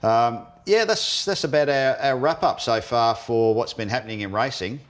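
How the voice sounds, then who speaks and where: A man's voice: mid-range voice, moderate pace. Laid-back Australian man, racing co-host. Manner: laid-back, restarts often, excitable behind the wheel. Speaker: motorsport show co-host. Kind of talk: casual chat and in-car commentary.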